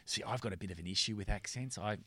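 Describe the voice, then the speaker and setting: Man, podcast host, bright forceful tone, chatty and joking, dry close mic. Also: lowish voice, quick pace, no room sound. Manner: chatty, joking, many restarts. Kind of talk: casual podcast interview.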